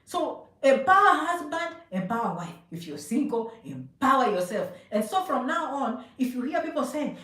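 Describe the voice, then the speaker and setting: High-voiced emphatic woman streaming. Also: very animated, moderate pace, few pauses, fairly bright tone. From Zambia. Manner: emphatic, preachy, keeps asking "okay?". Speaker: immigration advice streamer. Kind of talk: live-streamed motivational talk to viewers. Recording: echoey room, voice a bit far from mic.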